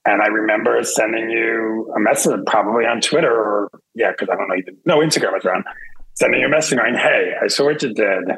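A middle-aged man with a gravelly, husky voice talks as a podcast guest. He chats quickly, laughing mid-sentence and dropping chatty asides. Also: fairly low pitch, fairly bright tone, rough recording. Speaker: guest entertainment journalist. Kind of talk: casual chat.

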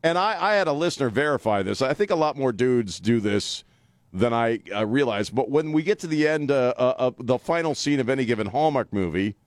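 A man's voice: medium pitch, animated, fairly quick, no room sound, studio quality. A man hosting a talk radio show, chatting bluntly and jokingly. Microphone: studio mic.

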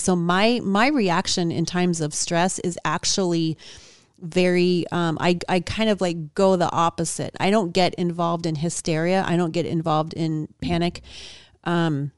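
A woman co-hosting a talk show, chatting in a calm, reflective way with many fillers. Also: lowish voice, moderate pace, clear, resonant tone, no echo, clean studio sound. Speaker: co-host. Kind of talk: casual reflective chat.

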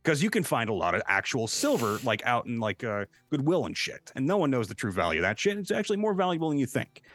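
A streamer chats casually in a mid-range voice, talking fast against slight background noise. He's an animated storyteller who jumps into quoted voices, swears freely, and laughs often.

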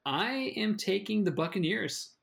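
A man's voice: high-pitched, lively intonation, unhurried, vocal fry, a bit bright. A man co-hosting a fantasy football show, in casual sports chat, chatty and often restarting his phrases. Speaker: fantasy football podcast co-host.

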